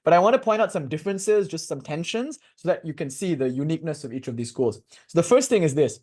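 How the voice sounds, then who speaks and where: Young guy teaching a class, goofy and chatty, kinda high voice. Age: 20s. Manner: lively, digressive, quick to laugh. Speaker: lecturer on bhakti philosophy. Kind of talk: casual, joking lecture to a live class.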